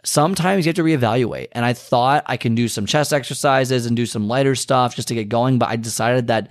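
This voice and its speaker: Guy on his podcast venting, mid-pitched voice, dead dry mic, keeps restarting sentences. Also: fairly quick, dry recording. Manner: frank, animated, venting frustration with restarts. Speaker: podcast host. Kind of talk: casual monologue.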